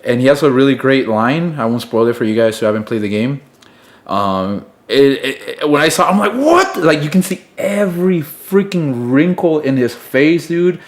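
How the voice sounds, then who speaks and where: Young male podcast co-host, casual and excitable, slangy buddy talk. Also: mid-range voice, normal speed. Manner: excitable, says "dude" constantly. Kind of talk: casual chat.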